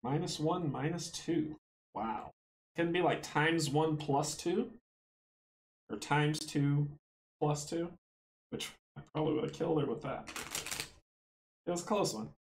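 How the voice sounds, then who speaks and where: A man's voice: on the high side, unhurried, pauses often, echoey room, a little hiss or hum, low-quality recording. A man playing a tabletop board game solo, thinking aloud, counting out moves and chuckling often.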